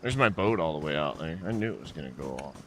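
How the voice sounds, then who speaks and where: A man's voice: extremely low pitch, animated, fast, fairly bright tone, slight background noise. A man streaming a survival game, talking to himself in rambling, joking commentary. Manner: rambling, joking self-talk. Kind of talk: casual gameplay commentary.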